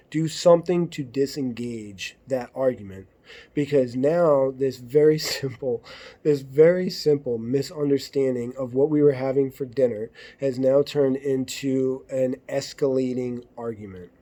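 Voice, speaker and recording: A man's voice: mid-range voice, a little slow, dark tone. A man hosting a podcast, talking in a blunt, profane, conversational way and acting out what arguing partners say. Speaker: podcast host. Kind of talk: casual monologue.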